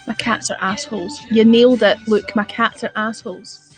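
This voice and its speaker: Lady on a live stream, high-ish voice, swears a lot, animated comic storytelling. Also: normal speed, soft background music. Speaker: livestream host. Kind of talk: casual livestream storytelling.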